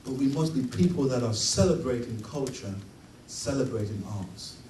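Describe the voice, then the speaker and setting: A middle-aged man giving an emphatic sermon at a conference, his voice swelling to loud peaks. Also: medium pitch, moderate pace. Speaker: conference speaker. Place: conference hall. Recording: roomy hall, distant mic, faint noise.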